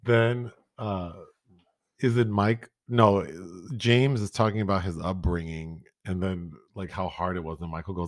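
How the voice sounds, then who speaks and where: A man's voice: sits low, a little slow, no echo, clean studio sound. A man co-hosting a podcast, chatting casually about a movie and laughing as he quotes lines. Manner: animated, laughs often, acts out quotes. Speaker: podcast co-host. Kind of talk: casual film review chat.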